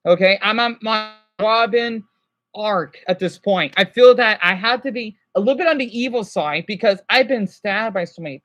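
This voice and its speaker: Rambling and agitated, a stressed vlogger vents to his audience in a voice that sits high and sounds a bit bright. The unscripted, emotional rant has him cursing, then saying sorry.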